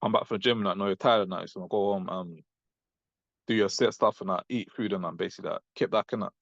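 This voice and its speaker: A man's voice: low voice, fairly even intonation, fast talker, gravelly, fairly bright tone, no echo. A young British man telling a story on a casual group call, rambling and full of fillers, tagging "innit" onto his lines. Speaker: class member recounting an encounter. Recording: dull lo-fi audio.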